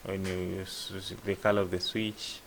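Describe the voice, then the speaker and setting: A low, gravelly man's voice comes through a noisy background, flat in delivery and a little slow. During a casual screen-share coding lesson on app programming, he talks his thinking through, asking "what?" and answering his own question.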